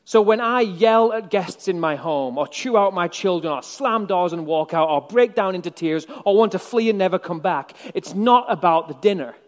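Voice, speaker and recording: A man's voice: high-pitched, expressive, moderate pace, hardly any pauses, long reverb tail. A male preacher giving a sermon in a conversational, reflective way, with wry asides.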